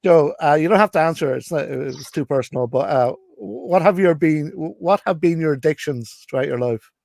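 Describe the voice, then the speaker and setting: A man's voice: on the high side, normal speed, gravelly, a little mellow, no echo. A man in casual live-stream banter, asking wry, needling questions on a home microphone.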